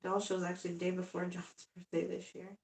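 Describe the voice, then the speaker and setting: Brief: rambling woman in her fifties live-streaming her crafts, gravelly voice, echoey room. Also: fairly low pitch, completely flat delivery, fairly quick, darkish tone. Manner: rambling, chatty, laughs often. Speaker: doll artist live-streaming. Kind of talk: casual live stream chat. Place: home room. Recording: echoey room, far from the mic.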